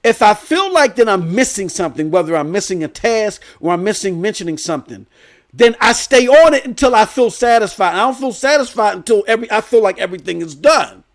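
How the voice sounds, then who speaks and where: Loud, high-voiced animated man. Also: a little fast. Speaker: gaming news streamer. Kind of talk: casual storytelling rant.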